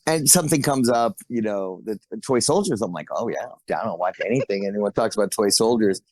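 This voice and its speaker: A man's voice: on the low side, a little fast, a little mellow, no room sound, rough recording. A man, an actor as podcast guest, telling stories in casual chat with frequent chuckles. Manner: laid-back storytelling, chuckles often.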